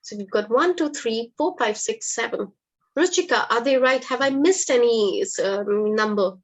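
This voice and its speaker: A woman's voice: on the high side, normal speed. Upbeat woman teaching online. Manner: upbeat, encouraging, quizzes the audience. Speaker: English teacher hosting a webinar. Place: online webinar.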